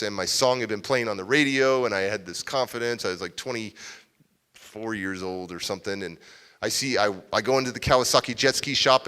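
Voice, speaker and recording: Bright-voiced man telling a confessional story. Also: lowish voice, clean tone. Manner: confessional, acts out quoted voices loudly. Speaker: motivational speaker. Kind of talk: personal storytelling speech to a live audience. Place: civic center event hall.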